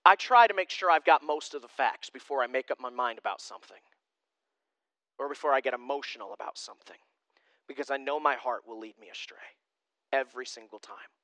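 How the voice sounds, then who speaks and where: Male pastor, 30s, casual sermon delivery; bright forceful tone, close dry sound. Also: mid-range voice, brisk, no echo. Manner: conversational, self-deprecating humor.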